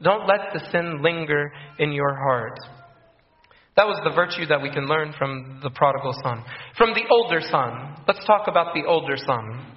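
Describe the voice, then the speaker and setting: A man with a fairly high voice earnestly preaches a sermon at a normal speed, repeating key phrases and acting out the voices of people in his stories. It was recorded in an echoey room with dull, lo-fi sound.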